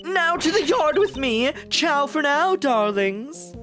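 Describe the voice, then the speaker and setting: A man's voice: very high voice, sing-song, slow pace, bright, forceful tone, soft background music, pitched above the performer's own voice, heavily acted. A man voicing a flamboyant, doting middle-aged woman warden, theatrical and sing-song, calling everyone darling. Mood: gushing.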